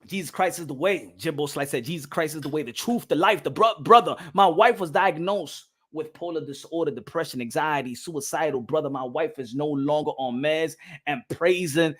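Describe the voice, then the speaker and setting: A man hosting a podcast, animated and slangy, laughing often. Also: fairly high pitch, moderate pace. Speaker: podcast host. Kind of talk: casual chat.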